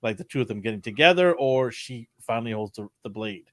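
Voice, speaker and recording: A man's voice: medium pitch, lively intonation, a little fast, fairly bright tone, no room sound, studio quality. A man co-hosting a casual podcast chat, laughing often and acting out scenes in playful voices. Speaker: podcast co-host.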